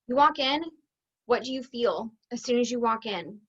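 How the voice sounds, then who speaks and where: A woman's voice: fairly high pitch, animated, moderate pace, a bit bright, slightly rough, lo-fi sound. A woman business coach teaching an online masterclass, upbeat and conversational, acting out the thoughts she quotes.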